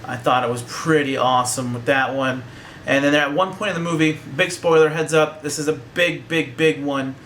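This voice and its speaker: Young guy ranting about a movie, cussing and joking, kinda high voice, little hiss in the back. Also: normal speed, fairly bright tone. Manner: profane, joking, rambling. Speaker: movie reviewer. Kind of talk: casual spoken review.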